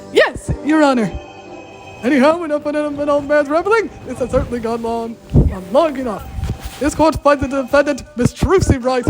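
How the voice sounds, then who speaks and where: A woman voicing a kindly elderly male judge in a fan dub, speaking slowly and fatherly, with music behind. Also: fairly high pitch, a little mellow, lightly acted.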